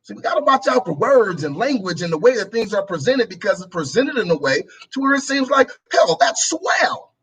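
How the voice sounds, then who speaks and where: A man's voice: sits high, very animated, fast, hardly any pauses, fairly bright tone, slightly rough, rough recording. A male talk show host delivering a preachy political commentary monologue, repeating his phrases and acting out both sides of an argument.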